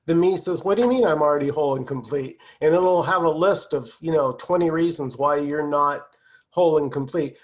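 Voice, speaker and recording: A man leading a spiritual satsang over a video call, in a calm, conversational way with easy laughs. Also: fairly high pitch, lo-fi sound. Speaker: satsang teacher.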